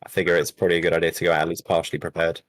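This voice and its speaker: Man player, low voice, dry close sound, careful planner. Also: completely flat delivery, fairly bright tone, no room sound. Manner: deliberate planner, some restarts. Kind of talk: casual chat at a game table.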